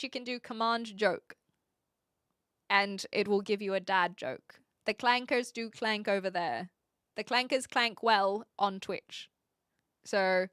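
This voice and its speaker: Woman live-streamer, giggly and chatty, bright higher voice, dry close sound. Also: no echo. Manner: chatty and giggly, loose and joking. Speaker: livestreamer. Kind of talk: casual live-stream chat, reading viewer comments.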